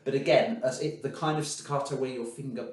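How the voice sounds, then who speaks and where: A man's voice: mid-range voice, steady tone, fairly quick. A man giving a student encouraging piano practice tips, singing rhythms as "da" and demonstrating at the keys. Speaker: piano teacher. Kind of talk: recorded practice feedback. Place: room with a piano. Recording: very echoey room, mic far off. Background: piano playing.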